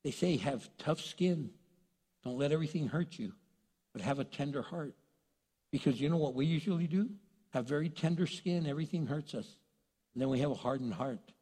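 A man preaching a sermon, animated and joking, acting out the voices of the people he quotes. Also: fairly high pitch, moderate pace, breathy edge. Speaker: pastor. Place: church hall. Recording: long reverb of a church hall.

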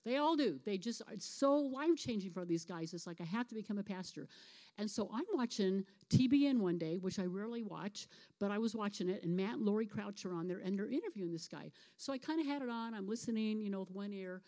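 A woman's voice: mid-range voice, expressive, a little fast, warm tone. A woman pastor retelling a near-death story in a sermon, acting out the quoted voices as she goes.

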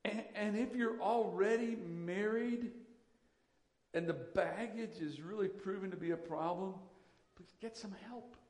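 Man, pastor, emphatic sermon, high voice, echoey church hall. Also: measured pace, a little mellow. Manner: emphatic preaching, repeats key lines.

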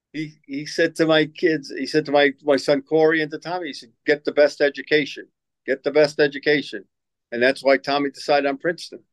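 This older former basketball coach tells meandering stories in an interview, going over the same words and playing out people's quoted remarks. His voice is on the high side with a clean tone. The low-quality recording has no room sound.

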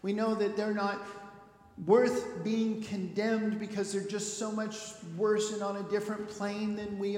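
A male pastor preaching a sermon, earnest and emphatic, rising to loud peaks. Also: sits high. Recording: roomy hall reverb.

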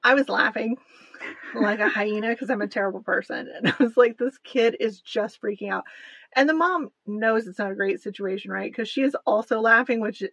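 Giggly chatty woman, husky voice. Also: fairly high pitch, moderate pace, fairly bright tone, no echo. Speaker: podcast co-host. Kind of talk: casual chat.

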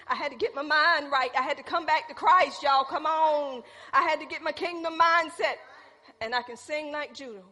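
Woman preaching in a church hall, animated and engaging, high-pitched with a ringing reverb. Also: moderate pace. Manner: animated, calls out to the congregation. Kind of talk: sermon with personal storytelling.

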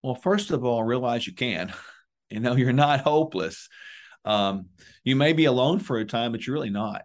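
A man giving emphatic coaching advice in a conversational interview, with lively, punchy bursts. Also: mid-range voice, normal speed. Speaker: police wellness guest.

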